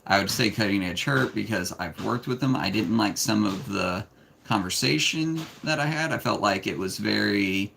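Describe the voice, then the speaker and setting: A man with a gravelly, creaky voice chats casually on a live stream. He gives plainspoken, frank advice to viewers, and he talks to his young son in a gentle, patient way. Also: fairly low pitch, moderate pace, a little hiss or hum. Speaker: snake breeder hosting a live stream.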